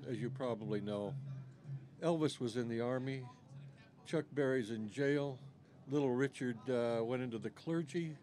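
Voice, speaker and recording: A man's voice: mid-range voice, moderate pace, warm tone, a little hiss or hum. An older man in the audience reminiscing about the records he owned in his youth. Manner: reminiscing, chatty. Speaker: audience member. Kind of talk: audience question at a live interview.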